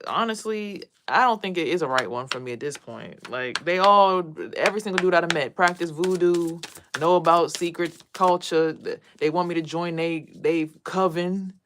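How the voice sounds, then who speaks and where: Low-voiced woman ranting, swears a ton, faint hiss behind. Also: normal speed. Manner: blunt, swears a lot, animated quoting of others. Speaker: vlogger and spiritual reader. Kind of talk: casual rant to camera.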